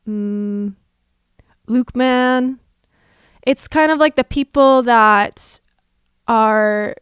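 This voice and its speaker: A young adult woman, a musician, chatting casually and reflectively on a livestream, with frequent fillers and soft laughs. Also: mid-range voice, clean tone, dry recording, studio quality.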